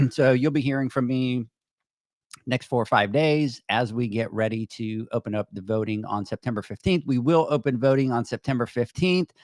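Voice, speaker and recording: A man hosting a podcast, chatting in a relaxed way about upcoming voting and handing off to the sponsors. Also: medium pitch, normal speed, no echo. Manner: relaxed, chatty, many restarts. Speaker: podcast host. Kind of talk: casual podcast chat.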